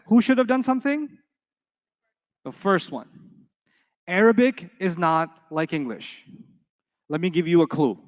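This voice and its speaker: Lively higher-voiced man teaching a class. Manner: lively, asks the class questions often. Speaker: Arabic teacher. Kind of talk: classroom grammar lesson.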